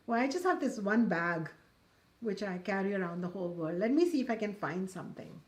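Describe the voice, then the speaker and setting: Um sábio velho e bondoso da floresta, feito por uma mulher, que fala com calma e um leve divertimento, numa voz média e sem pressa. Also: female voice, medium pitch, a little fast, lightly acted. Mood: kindly. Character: calm kindly old male forest sage.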